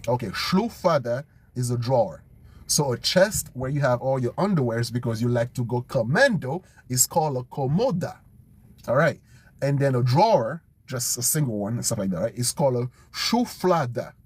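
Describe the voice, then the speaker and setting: A man studying vocabulary out loud, thinking aloud, repeating words and making up memory tricks in a casual chat. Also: medium pitch, expressive, normal speed, husky. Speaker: language learner streaming his study session.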